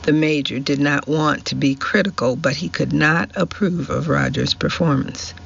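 A man narrating a novel for a radio reading service in a measured storytelling manner. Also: a little high, steady tone, vocal fry, fairly bright tone. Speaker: audiobook narrator. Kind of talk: scripted narration. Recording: slightly muffled with faint hiss.

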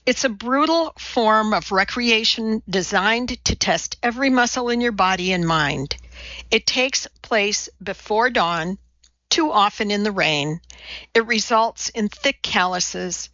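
A woman's voice: medium pitch, lively intonation, a little slow, sharp tone, dry recording, highs cut off. A woman reading the part of a blunt, precise female scientist lecturing a TV audience.

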